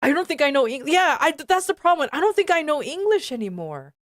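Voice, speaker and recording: A woman's voice: high-pitched, big pitch swings, brisk, fairly bright tone, dry recording, clean studio sound. A woman streamer reading a fan fiction aloud with commentary, stumbling over words and sounding exasperated.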